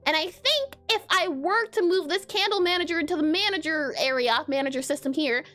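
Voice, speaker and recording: A woman's voice: very high-pitched, a little fast, a bit bright, faint music behind. A woman game developer chatting casually and playfully on a live coding stream, often giggling.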